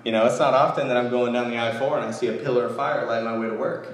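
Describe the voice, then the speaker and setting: A man's voice: medium pitch, fast talker. A man giving a casual, conversational sermon, telling stories with asides. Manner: conversational, animated storytelling with asides. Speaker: church lay speaker. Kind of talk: informal sermon. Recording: echoey room, distant mic, faint noise.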